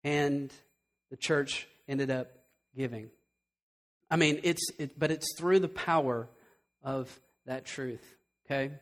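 A man preaching a sermon as pastor, talking in an animated, emphatic way and often checking in with rhetorical questions. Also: mid-range voice, takes it slowly, pauses often.

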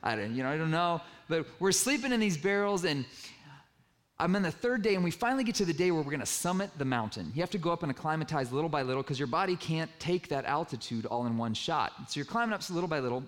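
A man giving a sermon-style personal story to a room, lively and self-mocking, acting out the dialogue. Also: on the high side, quick pace. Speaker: speaker telling a personal story to an audience. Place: room with a live audience.

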